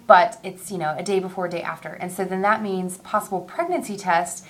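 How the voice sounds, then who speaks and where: A woman in her thirties talking openly in a casual personal video diary, rambling a little and quick to get teary. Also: on the low side. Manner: chatty, candid, excitable, quick to tear up; rambling with many ums and restarts. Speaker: vlogger.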